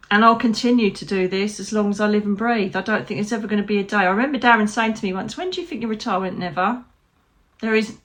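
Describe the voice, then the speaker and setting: A woman's voice: medium pitch, a bit bright. Candid British woman speaking heartfelt to camera. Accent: British English. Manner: heartfelt and candid, with frank swearing and light humour. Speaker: psychic medium. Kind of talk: personal vlog talking to camera.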